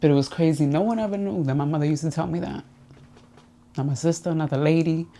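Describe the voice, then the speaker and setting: Quick-paced and warm, this woman's deep voice carries a confiding monologue on her own podcast. She discusses personal growth with heartfelt sincerity and sometimes gets emotional.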